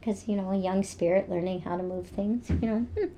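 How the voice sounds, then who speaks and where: A woman co-hosting a podcast, telling stories in a relaxed way with fillers. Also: medium pitch, a little fast, a little hiss or hum. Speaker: podcast co-host. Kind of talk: casual storytelling chat.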